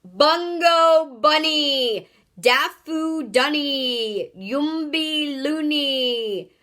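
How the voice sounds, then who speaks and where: An eccentric man bellows strange nonsense words in a slow, drawn-out chant, pitched well above the speaker's own voice. A woman acts him out with loud, theatrical relish, like a storybook villain's spell. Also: lively intonation.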